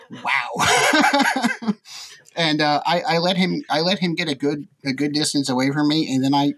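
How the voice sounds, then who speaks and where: A man's voice: fairly high pitch, fairly bright tone. A man hosting a casual chat show, telling a rambling, self-mocking story and laughing often. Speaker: podcast host.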